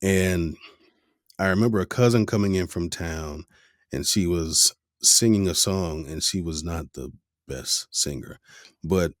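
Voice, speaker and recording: Male podcast host, very low voice, relaxed reflective delivery, dry close mic. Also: measured pace, no room sound. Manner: laid-back, reflective, with fillers. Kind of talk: casual interview chat.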